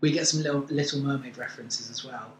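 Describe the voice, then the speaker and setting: A man's voice: mid-range voice, fairly even intonation, fast talker. A man co-hosting a podcast, chatting enthusiastically and sharing opinions. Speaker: podcast co-host. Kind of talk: casual chat reviewing a musical. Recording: echoey room with faint noise.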